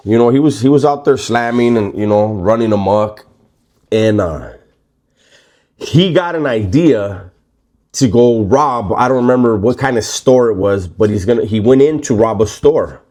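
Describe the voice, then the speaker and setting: A man in the middle of a loose, casual story, his voice pitched right in the ordinary range for a man. He rambles, restarts and drops slang and curses as he goes. It sounds like easy storytelling between friends. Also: unhurried. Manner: relaxed, rambling, heavy slang and swearing. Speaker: storyteller recounting prison life.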